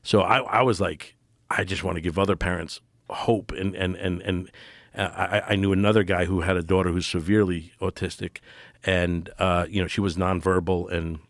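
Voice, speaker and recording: A middle-aged man talking as a podcast guest, earnest and halting, full of fillers and restarts. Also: sits low, flat delivery, no room sound, studio quality. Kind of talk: casual podcast conversation.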